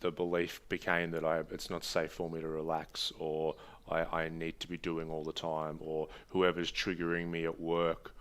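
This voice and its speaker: A man's voice: very deep voice, completely flat delivery, moderate pace, few pauses, a bit bright. A man co-hosting a podcast, chatting casually and rambling through stories, often restarting his words. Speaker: podcast co-host. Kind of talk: casual chat.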